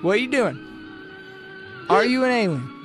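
A man's voice: high voice, sing-song, moderate pace, a bit bright, soft background music, voice pushed up. A man putting on the voice of a nosy Canadian official questioning a stranger. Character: man putting on a Canadian politician accosting a nun.

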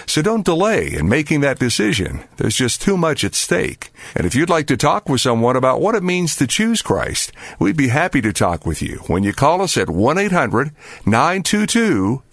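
A man's voice: on the high side, very animated, normal speed, no echo, studio quality. A male radio host giving the closing announcement in a persuasive, inviting manner.

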